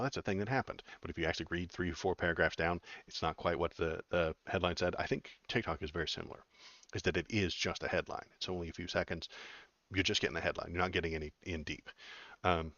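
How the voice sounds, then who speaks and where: A man's voice: low voice, sharp tone, no room sound, lo-fi sound. A man hosting a casual political live stream, reading news aloud and chatting with his viewers. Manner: chatty, reads news aloud and reacts to chat.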